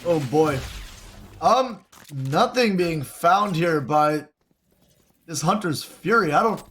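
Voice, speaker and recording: A man calling live esports play-by-play, excitable, with quick exclamations and frequent laughs. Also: on the high side, breathy edge.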